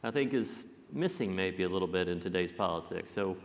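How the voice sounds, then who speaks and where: A man's voice: sits low, lively intonation, a little fast. A man moderating an onstage interview, courteous and admiring toward his guests. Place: large conference hall stage. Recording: reverberant conference hall.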